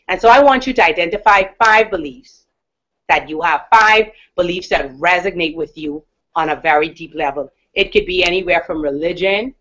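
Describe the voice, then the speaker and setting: Motivational woman coach from the Bahamas, deep powerful voice, stretches key words, dull lo-fi audio. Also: fairly bright tone. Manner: emphatic, encouraging, with slow stressed words. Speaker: mindset coach. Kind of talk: motivational talk. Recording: dull lo-fi recording.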